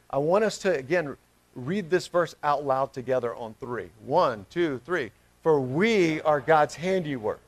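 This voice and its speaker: A middle-aged male pastor preaching a sermon, swinging from loud emphatic calls to soft, tender words. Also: on the high side, dry recording, rough recording.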